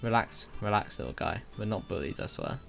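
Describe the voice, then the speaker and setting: A man's voice: fairly low pitch, expressive, a little fast, vocal fry, a bit bright, faint music behind, full character voice. A man voicing a spunky young female goomba companion in a game, blunt and teasing.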